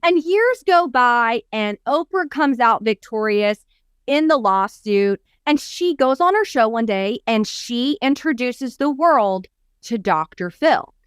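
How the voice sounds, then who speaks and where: Animated high-voiced woman telling a story. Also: slow, smooth, no room sound, clean studio sound. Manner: animated storyteller who acts out quotes. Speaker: podcast co-host and business coach. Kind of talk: casual podcast chat.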